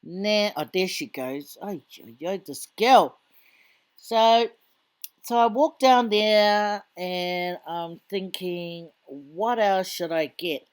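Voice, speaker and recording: Slow, chatty mother narrating a vlog. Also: medium pitch, clean tone. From Samoan community in Australia. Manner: chatty, playful, teasing asides. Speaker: vlogger, mother. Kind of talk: casual voiceover narration of shopping footage. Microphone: voiceover mic.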